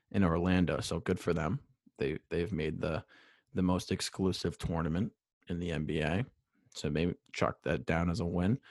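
A young man with a deep, low voice rambles through a solo sports podcast, full of "um"s and "I mean"s and dry jokes at his own expense. The sound is close and dry, with no room around it. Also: no echo. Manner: rambling, filler-heavy, self-deprecating. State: out of breath. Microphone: USB microphone.

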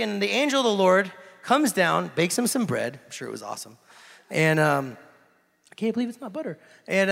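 A man preaches in a loose, joking style, shifting between animated storytelling and a hushed, intense delivery. His voice sits a bit high for a man and has a gravelly edge. The sound carries a long hall reverb. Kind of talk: casual sermon. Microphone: handheld microphone.

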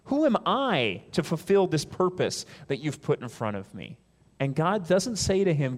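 A man's voice: on the high side, sing-song, moderate pace. Man preaching an emphatic sermon. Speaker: pastor.

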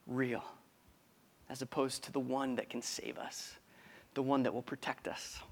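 A man's voice: medium pitch, fairly bright tone. A man preaching a conversational sermon, often restarting phrases and checking in with the congregation. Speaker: pastor.

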